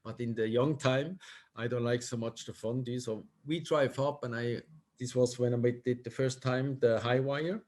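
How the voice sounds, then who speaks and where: A middle-aged man from Switzerland with a Swiss German accent, talking casually as an interview guest in halting, non-native English, often stopping to search for words. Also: medium pitch, steady tone, a little mellow. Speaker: guest, tightrope walker.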